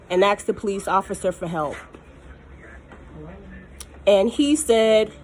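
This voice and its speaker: A woman's voice: mid-range voice, slight background noise. A woman talks straight to her viewers in a heated personal vlog. She is furious and emphatic, hammering her points by repeating them. Her voice sounds close to tears throughout. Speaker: mukbang vlogger. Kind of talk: angry personal vlog rant.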